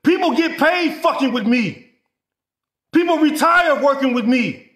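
Profane, exasperated business coach ranting to camera; high, animated delivery in a roomy space. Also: male voice, a little slow. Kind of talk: ranting vlog.

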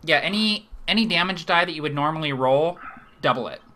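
A man running a live online tabletop game as game master, laughing easily and explaining rules in a relaxed way. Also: a little high, a little fast.

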